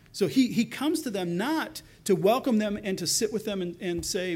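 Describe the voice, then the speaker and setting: A man preaching a sermon with a fairly high voice. He talks in an easy, conversational way, breaking off to restart phrases and putting rhetorical questions to his listeners. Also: animated, a little fast, a little mellow, breathy edge. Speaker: pastor.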